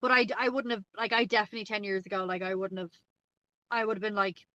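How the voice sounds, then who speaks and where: Bright-voiced North Dublin woman chatting. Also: mid-range voice, fairly even intonation, quick pace, no room sound, lo-fi sound. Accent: North Dublin Irish. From Ireland. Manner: chatty, many "like"s, laughs often. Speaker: guest co-host. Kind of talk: casual podcast chat.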